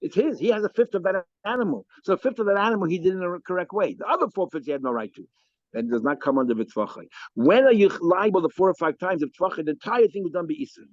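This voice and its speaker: Rabbi guy giving a talmud class, talks quick, dry muffled sound. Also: high-pitched, no echo. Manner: lively, animated, explains and asks questions. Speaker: rabbi teaching daf yomi.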